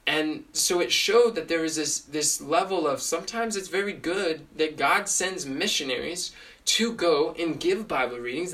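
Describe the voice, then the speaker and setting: A man with a slightly raised voice teaches in a casual podcast, earnest and quick, often restarting his sentences and filling gaps with small words. His voice sits a little back from the microphone. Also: a little high, a bit bright, distant mic. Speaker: podcast host and Bible teacher.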